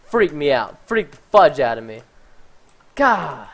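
A man giving chatty, excitable live commentary while playing a game, talking to his viewers and easily startled. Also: on the high side, normal speed. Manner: talks to chat and viewers. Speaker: gaming livestreamer.

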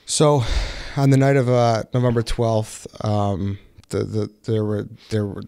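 Young male podcast host, low voice, dry close sound, loose rambling delivery with lots of "um". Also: a little slow, clear, resonant tone, dry recording. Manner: relaxed, filler-heavy storytelling with many restarts. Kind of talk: casual podcast chat.

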